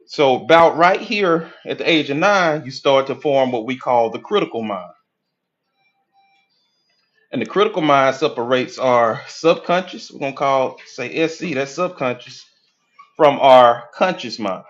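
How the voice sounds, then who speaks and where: A man coaching on mindset, lecturing at a whiteboard in an animated way and acting out inner voices with casual profanity. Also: mid-range voice, unhurried, lo-fi sound. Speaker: hypnotherapy coach.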